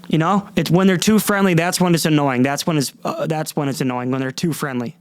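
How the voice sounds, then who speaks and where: A man's voice: a little high, fairly even intonation, fairly quick, hardly any pauses, no room sound. A young man hosting a podcast, rambling through a comedic monologue and mocking people in silly voices. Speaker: podcast host. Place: warm room, downstairs.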